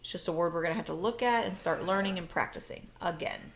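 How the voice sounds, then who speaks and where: A woman teacher calmly walking through a phonics lesson in a recorded video, explaining step by step. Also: lowish voice, fast talker, slight background noise. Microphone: recording her own video lesson.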